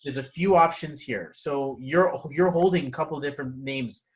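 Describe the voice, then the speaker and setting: A man giving a casual one-on-one numerology reading, animated and quick to laugh. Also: mid-range voice, poor audio. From Canada. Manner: animated, laughs often, acts out inner voices. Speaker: numerology consultant.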